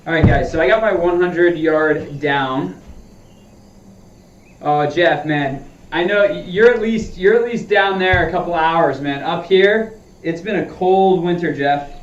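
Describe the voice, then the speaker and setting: Guy talking thru his golf swings on a stream, kinda high voice, roomy dull sound from off mic. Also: a little slow, distant mic. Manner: chatty, loose, talks through his swings. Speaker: golfer streaming a practice session. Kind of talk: casual chat to viewers while practicing.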